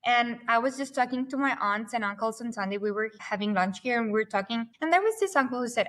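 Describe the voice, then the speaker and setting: A woman, a podcast guest who talks fast and at length in animated conversation. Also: a little high.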